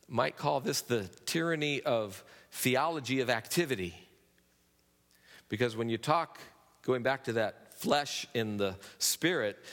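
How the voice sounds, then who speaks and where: A man's voice: mid-range voice, a bit bright. A man preaching a sermon to his congregation, building to emphatic peaks and turning to them with asides. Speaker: pastor. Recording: long reverb of a large hall.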